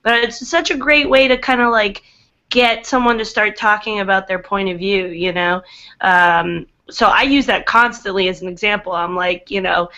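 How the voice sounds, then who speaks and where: A woman's voice: medium pitch, fairly even intonation, moderate pace, sharp tone. A woman improv coach chatting casually, with many fillers as she explains. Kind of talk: casual panel chat.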